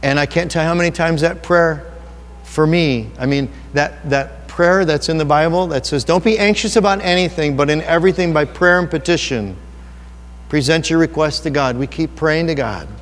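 High-voiced preacher in a reverberant hall. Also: male voice, normal speed. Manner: earnest, personal and conversational, with rhetorical questions. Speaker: pastor. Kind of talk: sermon.

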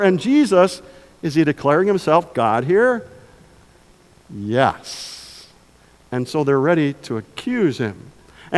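Male pastor, high voice, animated sermon delivery, hall reverb. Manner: animated, conversational, rhetorical questions.

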